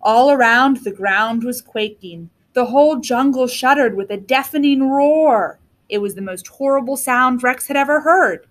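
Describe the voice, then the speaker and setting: A woman kindergarten teacher reads a storybook aloud to young children at a moderate pace. Her high, animated voice makes the telling expressive.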